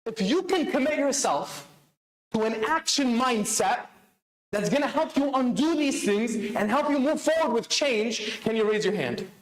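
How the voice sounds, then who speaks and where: A man preaches to a gathered crowd, pressing them with repeated questions and calls for a response. His voice sits high and swings widely in pitch. The sound rings around a large, echoey hall. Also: animated, unhurried. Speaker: speaker at a religious celebration. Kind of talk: interactive sermon. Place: large hall of an Islamic center.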